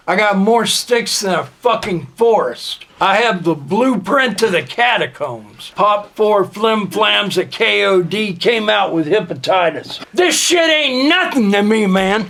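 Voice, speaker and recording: A young man delivering an absurd, deadpan, boastful comedic monologue in the manner of a rap persona. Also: high voice. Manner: deadpan boastful non sequiturs, slow drawl.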